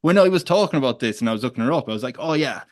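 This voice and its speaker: A man hosts a casual podcast chat in a mid-pitched voice. He rambles through anecdotes, doubling back on himself, and lights up at each aside. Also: rapid-fire, dry recording, studio quality. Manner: rambling storyteller, animated asides. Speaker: podcast host.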